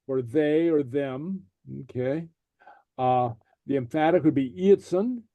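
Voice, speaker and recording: A man teaching a language class, pausing often with fillers and repeating each word for his students. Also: on the high side, mellow, no room sound. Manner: halting, many fillers, repeats words for students.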